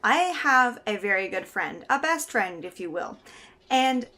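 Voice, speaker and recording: A young Canadian woman with a slightly high voice tells a story to her camera. She chats along casually and brightly, her words spilling out with easy laughs. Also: a little slow. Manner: chatty, animated, laughs while telling. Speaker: vlogger.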